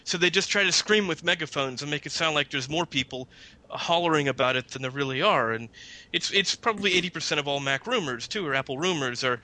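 A man's voice: on the high side, animated, fast talker, pushed and bright, rough recording. A man co-hosting a casual tech podcast, giving wry, opinionated takes.

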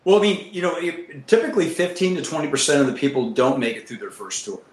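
A man telling a profane, animated story as a guest, a former Marine pilot. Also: on the high side, fast. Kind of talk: casual storytelling. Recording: roomy echo.

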